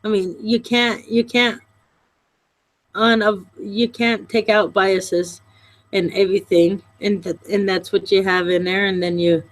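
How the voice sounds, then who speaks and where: A woman's voice: medium pitch, level tone, a little slow, low-quality recording. A tired woman in a casual study group discussion, teasing and sarcastic. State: tired, up since early morning.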